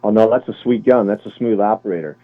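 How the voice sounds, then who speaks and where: A man in his forties from Cleveland, a guest on an interview, talking in a relaxed, chatty way and often correcting himself. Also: fairly low pitch, fast talker. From Cleveland, Ohio. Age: 40s. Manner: relaxed, chatty, laughs easily, self-correcting. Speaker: guest, former Navy sniper. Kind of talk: casual interview chat. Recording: tinny phone-line audio.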